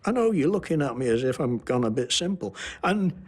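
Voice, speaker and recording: A man describes a show he created in an animated, earnest interview. His voice is husky, and his pitch rises and falls in a lively way. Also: fairly quick.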